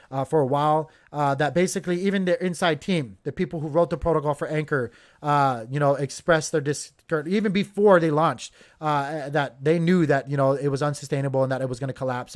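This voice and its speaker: Male crypto host, slightly high voice, loose chatty market talk full of fillers. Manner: chatty, filler-heavy, addresses viewers as you guys. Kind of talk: casual market commentary stream.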